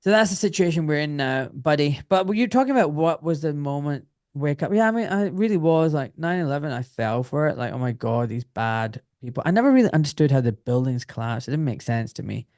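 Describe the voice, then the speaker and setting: A middle-aged British man telling stories on a podcast, lively and loose, swearing as he goes and slipping into the voices of people he quotes. His voice is mellow and warm, and it sounds close and dry. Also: fairly high pitch, fast, hardly any pauses, no room sound. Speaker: podcast guest, former doctor. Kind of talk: casual podcast storytelling.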